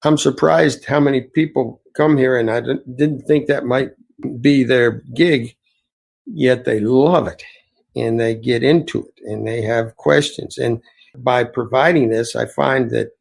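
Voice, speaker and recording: A man's voice: medium pitch, measured pace, creaky, darkish tone, husky, low-quality recording. A man, an innkeeper, earnestly telling reflective, rambling stories as an interview guest. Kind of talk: storytelling interview answers.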